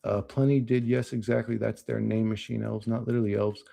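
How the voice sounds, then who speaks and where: Gravelly-voiced man cursing casually. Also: lowish voice, level tone, brisk, warm tone. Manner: profane, blunt, laughs often. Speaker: streamer reading chat. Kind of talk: casual livestream chat.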